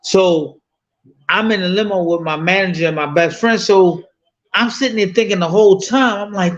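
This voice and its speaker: Guy in his 50s telling an old fight story, cussing a lot, kinda high voice, dull lo-fi sound. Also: normal speed. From United States. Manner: loose, profane street talk with many fillers. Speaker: boxing guest. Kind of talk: casual storytelling.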